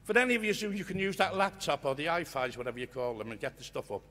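An older man giving an impassioned storytelling speech at a union conference, earnest and swinging from hushed to loud. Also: on the high side, lively intonation, rapid-fire. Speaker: guest speaker at a union conference. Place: conference hall. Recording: long reverb of a conference hall.

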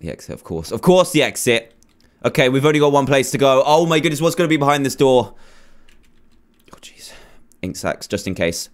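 A man's voice: mid-range voice, very animated, quick pace, a little hiss or hum. Jumpy man playing a horror game. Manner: nervous, jumpy reactions and pleading. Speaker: gamer. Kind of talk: horror game let's play commentary.

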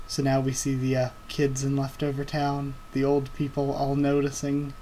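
A chatty young man gives casual live reaction commentary with easy enthusiasm and plenty of fillers. His voice sits at a middle pitch for a man. Faint ambient noise hums underneath. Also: monotone, normal speed, few pauses, dark tone. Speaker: reaction video host.

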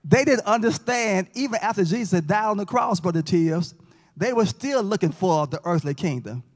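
A man's voice: high-pitched, lively intonation, normal speed. A man teaching a Bible lesson in church, folksy, joking with and quizzing the class. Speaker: Sabbath school teacher. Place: church sanctuary. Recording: long church reverb.

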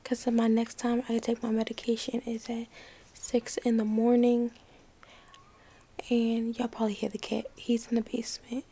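A woman's voice: a little high, completely flat delivery, moderate pace, dark tone, breathy edge. A young woman in pain after surgery, whispering a late-night vlog into her phone in her living room, weary, sighing and out of breath. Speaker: vlogger.

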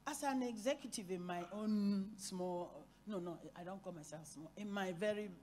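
A woman's voice: medium pitch, moderate pace. A woman preaching a sermon, telling a story and acting out the voices in it. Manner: storytelling, acting out dialogue with shifting loudness.

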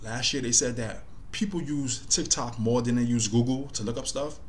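A man's voice: medium pitch, fairly even intonation, moderate pace, a little hiss or hum. A man hosting a casual commentary video, talking loosely and thinking aloud with lots of fillers. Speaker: commentary host.

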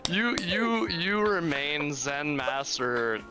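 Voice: mid-range voice, lively intonation, slow pace, over music. A guest on a stream podcast chatting in a laid-back, joking way, often acting out little voices. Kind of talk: casual chat on a live stream.

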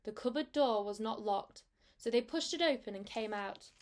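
A female teacher reads a storybook aloud to her class in a gentle, unhurried way. Her voice is a little high for a woman.

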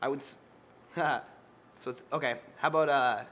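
A man's voice: mid-range voice, steady tone, normal speed, a bit bright. A man, a comedian, chatting casually as a guest, rambling and laughing at his own jokes.

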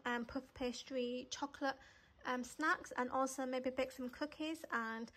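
A woman's voice: high voice, fairly even intonation, normal speed, a bit bright. A woman vlogging in casual, rambling chat, slightly out of breath, with lots of fillers and restarts. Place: shops and home, indoors.

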